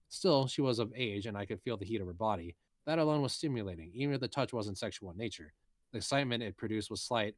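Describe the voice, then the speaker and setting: Man reading a novel aloud, low and dry. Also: no room sound. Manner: casual, muttered asides and self-corrections.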